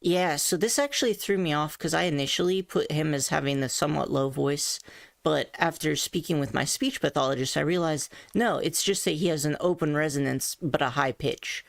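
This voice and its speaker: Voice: medium pitch, normal speed, gravelly, no echo. A vlogger talking through voice training practice in a thoughtful, self-critical way, explaining each step. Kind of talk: casual voice training vlog.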